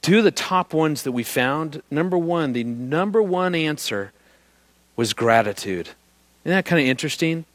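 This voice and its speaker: A middle-aged man presents on marriage in a fairly high, animated voice. He tells stories with gusto and keeps drawing the audience in with questions. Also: moderate pace. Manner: animated storyteller who quizzes the audience. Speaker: marriage speaker giving a presentation. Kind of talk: live talk to an audience.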